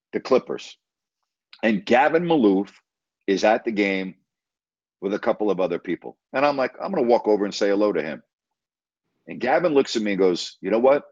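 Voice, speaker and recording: Middle-aged male radio host, blunt and emphatic storyteller, low-ish voice, dull dry recording. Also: darkish tone, no echo. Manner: blunt, emphatic, salty language. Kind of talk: storytelling in an interview.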